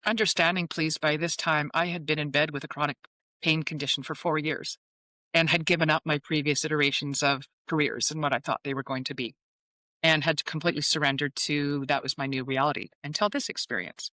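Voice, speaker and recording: The recording is dry, and her low voice moves briskly. She is a psychic medium in her fifties, a guest in an interview relating a personal story and acting out what people said with lively storytelling flair.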